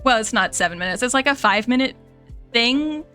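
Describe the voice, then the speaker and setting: A woman's voice: a little high, expressive, fairly quick, pushed and bright, faint music behind. A young American woman streamer, chatting casually to her viewers, rambling and laughing and correcting herself as she goes.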